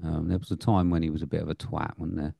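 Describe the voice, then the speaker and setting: An English man with a deep, gravelly voice and a dark, mellow tone. He trades dry, sardonic jokes in loose podcast chat. The sound is close and dry. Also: flat delivery, fast talker, dry recording. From England. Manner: dry sardonic banter, says "mate". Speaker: podcast guest. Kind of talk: casual chat.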